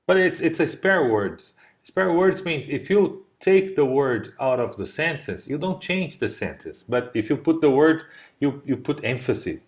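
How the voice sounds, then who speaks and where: A man's voice: on the high side, lively intonation, unhurried. Male tutor on a video call. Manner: explains patiently with examples, checks understanding. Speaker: English tutor. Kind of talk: online English lesson.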